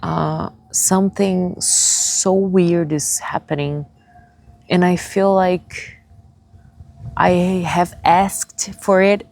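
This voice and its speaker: Slow, low, gravelly-voiced woman vlogger. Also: fairly even intonation, darkish tone, a little hiss or hum. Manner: slow, halting, searching for English words. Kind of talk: personal confessional vlog.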